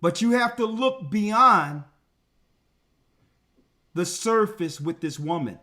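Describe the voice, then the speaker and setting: A man's voice: sits high, lively intonation, slow pace, sharp tone. A man, a church elder, hosting a commentary show and preaching emphatically to his co-host. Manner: emphatic, addresses co-host directly.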